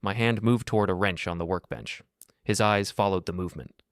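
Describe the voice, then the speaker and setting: An older man narrating a dramatic first-person story in a steady, scripted manner. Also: low-pitched, a little fast, clear, resonant tone, dry recording.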